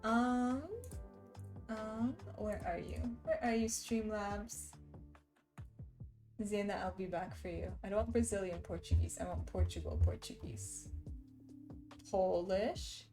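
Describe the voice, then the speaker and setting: A woman's voice: mid-range voice, animated, slow, pauses often, over music, poor audio. A woman live streamer in casual, rambling chat who laughs often.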